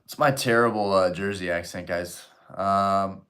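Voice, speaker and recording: A young adult man hosting a live stream, chatting casually and profanely while reading chat out loud. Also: low voice, measured pace.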